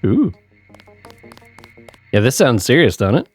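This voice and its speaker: A man's voice: mid-range voice, very animated, slow, husky, faint music behind. A man hosting a gaming channel, giving chatty, upbeat let's-play commentary. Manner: upbeat, chatty, laughs often.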